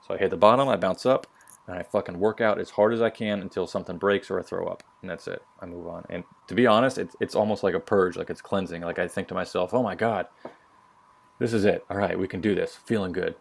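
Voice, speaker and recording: A man's voice: sits low, fast, creaky. A man, a military veteran, telling stories on a casual podcast in a blunt, profane way and acting out what people said. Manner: profane, blunt, acts out quotes.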